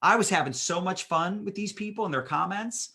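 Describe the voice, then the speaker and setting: A man coaching on leadership in a loose, talkative way, now and then acting out the people he quotes. His voice sits a bit high, swoops up and down a great deal, and has a bright, forceful edge. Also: brisk. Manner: casual, animated, acts out voices of people he quotes. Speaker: business coach leading a training session. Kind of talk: motivational leadership talk.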